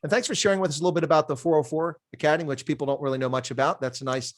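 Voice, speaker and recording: Middle-aged American host, talks quickly, dry close sound, jokey and rambling. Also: male voice, fairly high pitch, steady tone, dry recording. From United States. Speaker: interview host. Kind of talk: casual interview chat.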